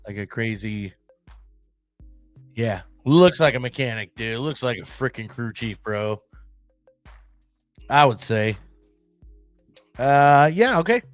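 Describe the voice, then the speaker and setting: A man hosting a solo podcast in casual, excitable chat, swearing and using slang. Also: medium pitch, dry recording. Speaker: podcast host. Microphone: desk mic, screen-sharing.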